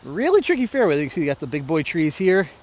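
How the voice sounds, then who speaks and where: A man's voice: on the high side, big pitch swings, quick pace. Chatty American guy vlogging outdoors. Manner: chatty, self-narrating, talks to viewers. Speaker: disc golf vlogger. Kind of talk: casual play-by-play vlog. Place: outdoor park course.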